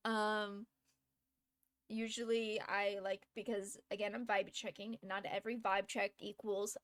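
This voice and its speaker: A woman's voice: medium pitch, little pitch movement, a little slow, dry recording. A woman live streamer telling a story in a chatty, casual way, laughing often between phrases. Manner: chatty, lots of fillers and restarts.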